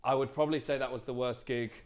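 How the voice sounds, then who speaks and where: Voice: medium pitch, steady tone, fast. A non-binary comedian, a podcast guest in casual chat, talking thoughtfully with frequent restarts in a backstage green room. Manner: thoughtful, searching, many restarts.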